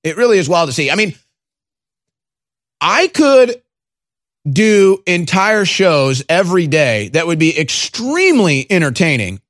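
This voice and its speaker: A man's voice: high voice, a bit bright, no echo, studio quality. Sarcastic man hosting a talk show. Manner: sarcastic, scornful, with stammered restarts. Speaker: political talk show host. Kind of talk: casual political commentary.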